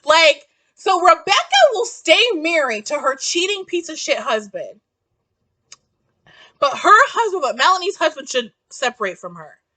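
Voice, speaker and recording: A young woman at home giving a profane, exasperated, ranty book review in a casual, animated way. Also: high voice, unhurried.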